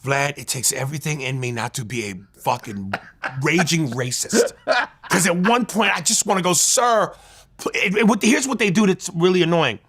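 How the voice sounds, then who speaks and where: A man guesting as a comedian in a casual interview, talking in an animated, blunt way and slipping into impressions. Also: on the high side, fairly quick, slightly rough. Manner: animated, blunt storyteller who slips into impressions.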